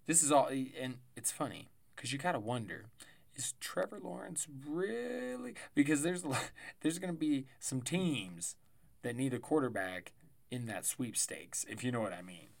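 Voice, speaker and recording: A man's voice: mid-range voice, animated, moderate pace, vocal fry. A man hosting a casual solo sports podcast, rambling and chatty with self-corrections and asides, tired and yawning. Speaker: fantasy football podcast host.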